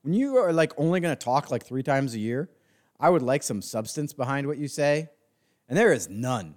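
A man hosts a sports podcast in a ranting monologue. He is sarcastic and profane, full of fillers, and his pitch swings widely as he works himself up. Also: sing-song, moderate pace. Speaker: podcast host.

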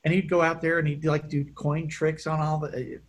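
A man's voice: fairly high pitch, normal speed. A man co-hosting a podcast in casual chat, joking and sometimes tripping over his words. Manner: joking, animated, tongue-tripping. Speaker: podcast co-host. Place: remote call.

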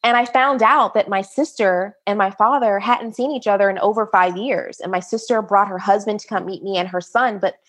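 A woman interview guest from the United States, telling a personal story in an animated way and acting out the quoted voices at a higher pitch. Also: normal speed, hardly any pauses.

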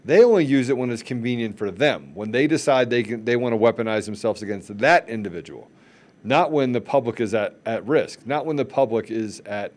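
A man's voice: medium pitch, a little fast, darkish tone. A man co-hosting a podcast, speaking with passion and repeating phrases for emphasis. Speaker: podcast co-host. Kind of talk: casual political podcast talk.

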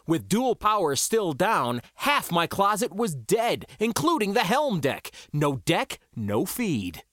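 A male author narrates his own science fiction tale in the first person. His delivery is unhurried and dramatic, with a lively, swinging pitch. The sound is close and dead dry, like a home booth. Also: no echo.

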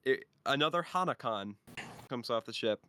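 A man's voice: mid-range voice, expressive, pushed and bright, clean tone, dry recording. A man narrating as game master for a tabletop game, hesitant and full of fillers. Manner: slow, hesitant, filler-heavy.

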